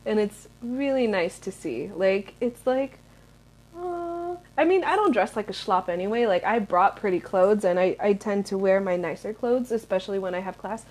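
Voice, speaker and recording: Speaking at normal speed with few pauses, a young American woman in her twenties chats her way through viewers' questions. Her mid-range voice has a slightly mellow quality, and the casual vlog Q&A wanders, packed with fillers.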